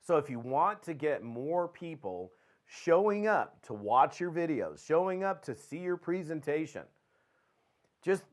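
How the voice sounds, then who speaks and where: A man hosting a podcast, giving an energetic motivational training talk and acting out quick phone calls. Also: fairly high pitch. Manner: animated, acts out phone calls with quick dialogue. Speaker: podcast host and network marketing trainer.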